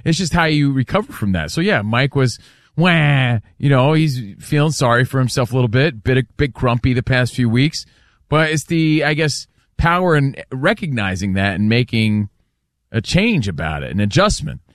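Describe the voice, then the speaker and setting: Animated, chatty male radio host. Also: medium pitch, moderate pace, no room sound, clean studio sound. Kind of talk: casual studio banter.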